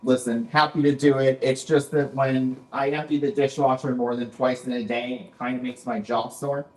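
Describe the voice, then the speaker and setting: Man in his forties, stand-up comic, deadpan, mid-pitched voice, echoey basement club. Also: moderate pace. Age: 40s. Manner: deadpan, with a repeated "that's right". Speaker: stand-up comedian. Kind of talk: stand-up set.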